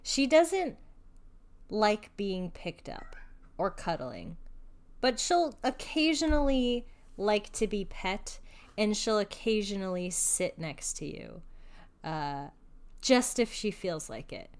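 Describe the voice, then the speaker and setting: Young woman streamer, unhurried chatty talk, giggles a lot, baby-talks her cat. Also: medium pitch, very animated. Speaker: streamer playing a video game. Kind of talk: casual live-stream chat.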